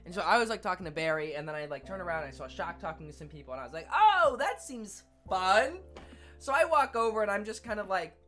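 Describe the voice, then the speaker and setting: A young man streaming, telling a story in casual chat, animated and laughing often, swearing freely. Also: on the high side, racing, few pauses, faint music behind.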